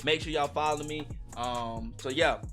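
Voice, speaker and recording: A young man telling a casual storytime to his viewers, slangy and animated, talking straight to the audience. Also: a little high, normal speed, faint music behind. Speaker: storytime vlogger.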